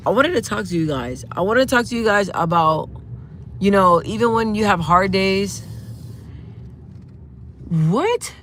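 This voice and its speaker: Animated woman venting to live-stream viewers from a car. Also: slow pace, long pauses. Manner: animated, venting, with sudden jumps in pitch. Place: in a car while driving. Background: faint car noise.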